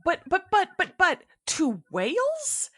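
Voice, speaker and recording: A woman co-hosting a casual podcast, joking and laughing as she talks. Her pitch moves up and down in a lively way. The sound is dry and close to the mic. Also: slow pace, no echo. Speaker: podcast co-host. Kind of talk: casual chat.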